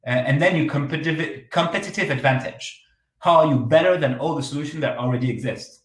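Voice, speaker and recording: Man coaching startup pitches, roomy echo. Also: a little fast. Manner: frequent fillers and restarts, direct advice. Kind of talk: workshop talk.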